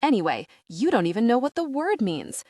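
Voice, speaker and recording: A woman's voice: on the high side, sing-song, a little fast, dark tone, no echo, clean studio sound, pitched above the performer's own voice. A woman voicing a furious young woman art thief who gasps and sounds bitter. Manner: bitter, gasping.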